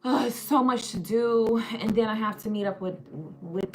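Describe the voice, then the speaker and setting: A woman's voice: on the high side, moderate pace, slight background noise, natural voice, rough recording. A woman voicing a spoiled, entitled rich young man who talks in a weary, name-dropping drawl. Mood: bored, entitled.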